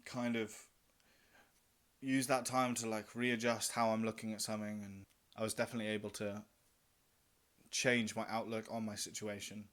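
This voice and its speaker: A man's voice: lowish voice, level tone, moderate pace, pauses often, fairly bright tone. A young man vlogging about solo travel, telling a story in a casual, chatty way, swearing freely and acting out his own remarks.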